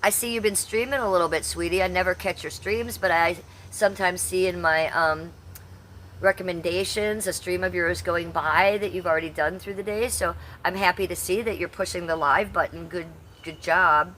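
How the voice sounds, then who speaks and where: A woman in her fifties talks to her live-stream chat in a brash, salty way, answering viewers by name. Her voice sits a touch low. A faint hum of noise runs under it. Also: steady tone, normal speed, fairly bright tone. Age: 50s. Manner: brash, chatty, reads out chat. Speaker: livestreamer.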